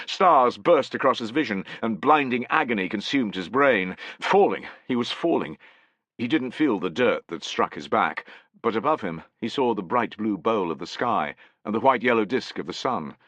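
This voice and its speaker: A man's voice: mid-range voice, expressive, normal speed, fairly bright tone, dry recording. A man narrating a dramatic war novel, voicing each character expressively. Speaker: audiobook narrator.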